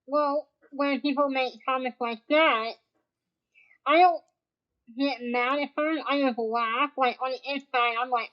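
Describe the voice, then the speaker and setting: A deaf woman chats in a high, lively voice, acting out the voices of the people she talks to. Her speech carries a deaf accent. The recording sounds a little dull and lo-fi. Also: a little slow. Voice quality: deaf speech, uses hearing aid. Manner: animated, laughs often, acts out quotes. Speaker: guest streamer. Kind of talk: casual chat.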